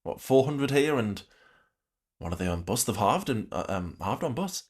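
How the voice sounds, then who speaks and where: Blunt man ranting, lively pitch. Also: moderate pace. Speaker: reaction commentator. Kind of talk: reacting to a livestream.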